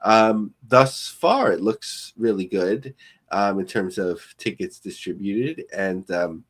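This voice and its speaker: Low-pitched male co-host, loose and meandering, thinks out loud. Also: slow pace. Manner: rambling, filler-heavy and thinking aloud. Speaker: podcast co-host. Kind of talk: casual podcast commentary.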